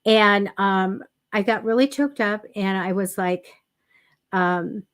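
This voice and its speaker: A woman's voice: medium pitch, slow. Chatty woman psychic host. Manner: chatty and anecdotal, with many fillers; encouraging, direct advice. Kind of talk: casual livestream chat.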